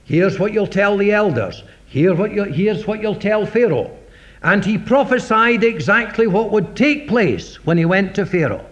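Male preacher, high and very animated delivery, rhetorical sermon style, dull lo-fi sound. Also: normal speed. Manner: dramatic, rhetorical, acts out voices of scripture. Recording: dull lo-fi recording.

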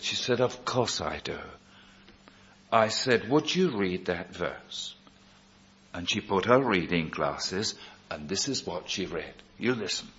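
A man's voice: low voice, a bit bright. A male preacher telling a conversion story in a sermon, quoting the people in it as he goes. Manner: slow storytelling, quoting others in dialogue. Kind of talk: sermon testimony. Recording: dull lo-fi recording.

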